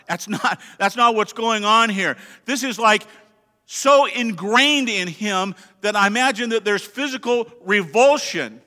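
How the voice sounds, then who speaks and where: A man preaching a sermon as a pastor, swinging between hushed, quiet stretches and emphatic passages. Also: sits high, a little slow. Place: church sanctuary. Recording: long reverb of a large hall.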